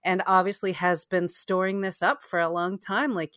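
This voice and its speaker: Woman, podcast panelist, animated, acts out quotes, dry sound. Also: fairly low pitch, normal speed, no echo. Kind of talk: casual discussion.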